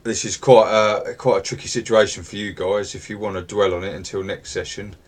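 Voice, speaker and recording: A man's voice: lowish voice, fairly even intonation, fairly quick, slightly rough. A man running a tabletop game as game master, easygoing and a little hesitant, filling gaps with "uh".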